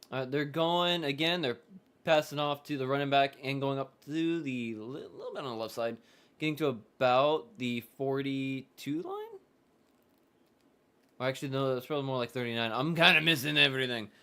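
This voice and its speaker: A man's voice: medium pitch, bright, forceful tone, clean tone. A man streaming a casual live reaction to a football game, chatting loosely and trailing off into restarts as he goes.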